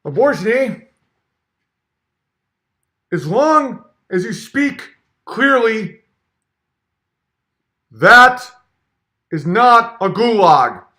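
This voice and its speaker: A man's voice: sits high, very animated, bright, forceful tone, voice pushed up, full character voice. A man voicing a mocking impression of an evasive, fussy professor who drags out his words and tacks on a Canadian "eh". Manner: mocking impression, slow and over-enunciated.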